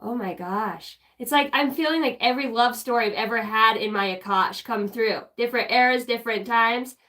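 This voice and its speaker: A woman's voice: fairly high pitch, normal speed, fairly bright tone. A woman on a casual spiritual livestream, rambling, giggling often and humming bits of songs as she goes.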